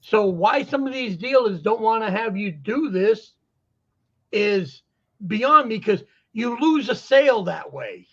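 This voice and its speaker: A man with a Boston accent chatting casually on a talk show, telling stories and jokes in an animated way. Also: high voice, takes it slowly, highs cut off. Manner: joking, animated storyteller. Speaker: guest vendor. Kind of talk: casual chat. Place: lives in Florida.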